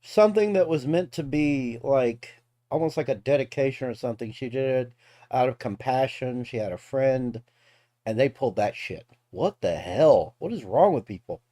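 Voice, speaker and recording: A man's voice: mid-range voice, animated, moderate pace, dark tone, no echo, clean studio sound. A man from Texas with a Texan accent, rambling casually and laughing as he reacts to videos. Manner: rambling, laughs often, swears freely. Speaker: streamer reacting to clips.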